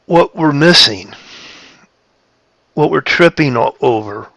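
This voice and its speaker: A man giving a reflective spiritual talk, halting and repeating his phrases, shifting his tone of voice for emphasis. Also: on the high side, expressive, creaky, a bit bright, no echo. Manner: plays with tone of voice for emphasis. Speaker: spiritual speaker.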